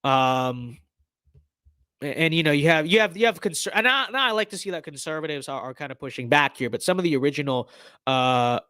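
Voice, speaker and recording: A man's voice: a little high, animated, fairly quick, sharp tone, clean tone, dry recording. A man hosting a political commentary show who talks in a sarcastic, mocking way, with lots of fillers and restarts. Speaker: host.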